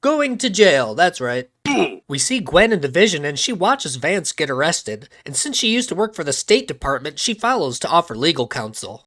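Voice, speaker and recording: A man's voice: fairly high pitch, very animated, a little fast, hardly any pauses, a bit bright, no echo, clean studio sound. A man hosting a comedic movie recap, narrating with crude, mocking sarcasm and slipping into silly voices for quotes.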